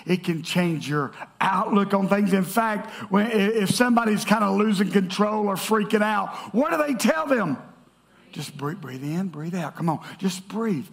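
Pastor guy preaching in church, kinda high voice w/ lots of gravel, jokey and loose with the crowd. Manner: lively, joking, calls out to the congregation. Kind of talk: sermon. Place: church sanctuary.

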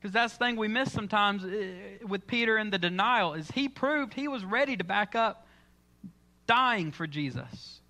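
A man's voice: high voice, normal speed, few pauses, pushed and bright. A man preaching a sermon in church, telling the story with dramatic, acted-out lines. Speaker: pastor.

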